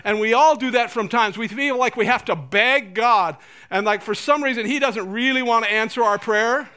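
High, bright-voiced male pastor preaching. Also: moderate pace, clean tone. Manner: animated, laughing, acting out prayers in funny voices. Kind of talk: sermon.

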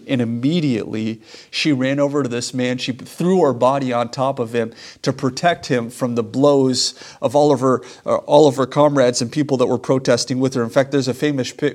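A man's voice: mid-range voice, a little mellow. Earnest man preaching a sermon. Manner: earnest, emphatic preaching with repetition. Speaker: pastor.

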